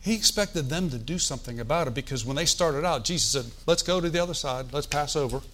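A man's voice: a little high, fast talker, fairly bright tone, slight background noise. A man preaching a sermon in a conversational, folksy way, with joking asides and calls for the congregation to answer. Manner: asks the congregation for responses.

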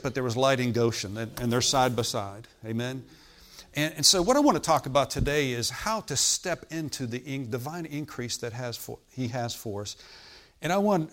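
A man's voice: mid-range voice, fairly bright tone. A man preaching a sermon in an emphatic, repetitive style, often calling out to his listeners for agreement. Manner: emphatic, repetitive, frequent "Amen?" calls to listeners. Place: hotel meeting room.

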